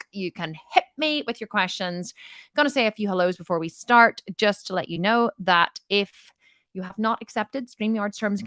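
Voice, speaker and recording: A woman's voice: medium pitch, fairly bright tone, no echo, studio quality. A woman, hosting a live fitness Q&A from home in a chatty, upbeat way and greeting viewers by name. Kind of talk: casual livestream chat. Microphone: computer microphone on a video stream.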